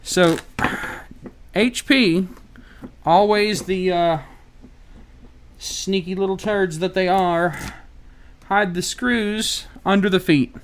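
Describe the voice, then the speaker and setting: A man's voice: high voice, fairly even intonation, takes it slowly, long pauses, a little hiss or hum. An American man doing casual live-stream commentary while taking apart a laptop, wry and a bit profane, thinking aloud as he works. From United States. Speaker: tech repair streamer.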